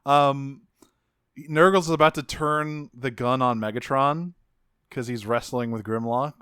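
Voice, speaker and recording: A man with a smooth, resonant voice, co-hosting a casual podcast. He recaps a cartoon episode with lively energy and acts out the characters' lines in goofy voices. The recording is dry and close. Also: medium pitch, unhurried, no echo. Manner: animated, swears a lot, acts out quotes in jokey voices. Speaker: podcast co-host.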